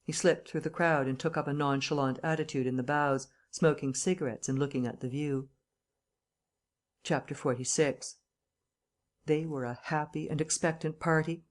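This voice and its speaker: A woman reads a classic novel aloud as audiobook narrator. Her delivery is measured and even, in a steady storytelling manner. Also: deep voice.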